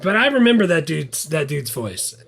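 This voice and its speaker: Male podcast co-host: relaxed, easygoing, a little hesitant, pitched a touch high. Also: normal speed, gravelly. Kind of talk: casual chat.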